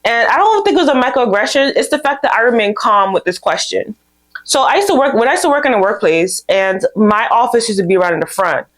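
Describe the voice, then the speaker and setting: A young woman hosting a vlog, giving candid, casual advice and telling stories with lively quoted dialogue. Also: on the high side, brisk. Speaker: vlog host. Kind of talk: casual advice talk to camera.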